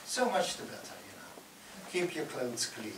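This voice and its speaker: Animated man in a roomy hall. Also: mid-range voice, measured pace, far from the mic. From Russia. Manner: animated, laughs often, acts out Russian voices loudly. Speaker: guest speaker. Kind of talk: public talk answering audience questions. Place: university lecture hall. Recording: roomy hall recorded from afar with noise.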